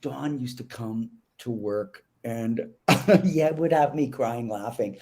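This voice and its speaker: A male actor being interviewed, telling lively backstage anecdotes in a casual way and acting out other people's lines as he goes. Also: medium pitch, slow pace. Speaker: guest actor.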